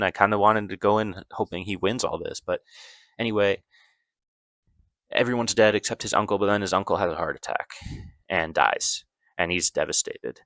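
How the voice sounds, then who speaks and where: A man's voice: low voice, fairly even intonation, normal speed, a bit bright, no echo. A man casually recapping a movie plot, rambling loosely with lots of fillers and self-corrections.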